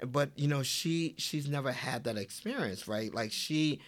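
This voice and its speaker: Animated male podcast guest telling stories. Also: medium pitch, a little slow. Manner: animated, acts out quoted dialogue with fillers. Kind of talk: casual conversational storytelling.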